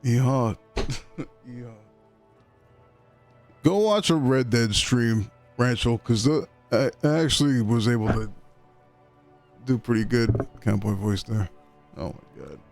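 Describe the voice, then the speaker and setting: A man streaming himself playing a video game, making unhurried, self-mocking asides. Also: mid-range voice, vocal fry, a little mellow, soft background music. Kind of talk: live game stream commentary.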